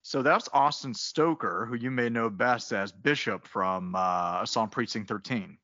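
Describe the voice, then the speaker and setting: Bright-voiced man recapping a movie, laughing. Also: mid-range voice, no room sound, lo-fi sound. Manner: laughs often, acts out characters in quick asides. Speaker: podcast co-host. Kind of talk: casual movie recap chat.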